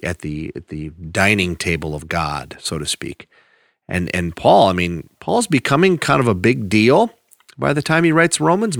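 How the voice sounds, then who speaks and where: A man preaching a sermon, teaching through scripture in a conversational way and reading verses slowly with emphasis. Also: on the low side, a bit bright, dry recording, clean studio sound. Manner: conversational with restarts. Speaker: pastor.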